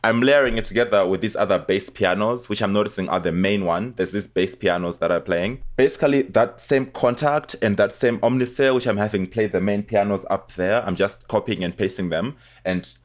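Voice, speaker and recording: A young man calmly walking through how he remade a beat, step by step, as a music producer. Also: fairly low pitch, brisk, hardly any pauses. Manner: relaxed step-by-step explaining, often trailing off before playing sounds. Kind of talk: screen-recorded music production tutorial. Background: music playing between lines.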